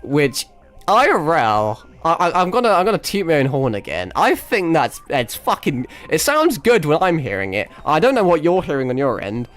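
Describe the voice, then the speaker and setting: A young man rambling through a late-night stream, his voice worn and cracking after hours at the mic. He swears, stumbles and restarts constantly, with a lively, swooping intonation. Faint music plays underneath. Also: on the high side, fairly quick, few pauses. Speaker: VTuber streamer. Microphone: desk microphone.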